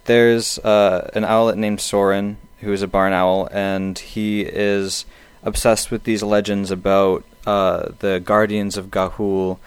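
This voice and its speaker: A man with a fairly low, smooth voice, a guest on a casual podcast. He sounds relaxed and friendly as he explains things, and the recording is dry. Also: unhurried, dry recording.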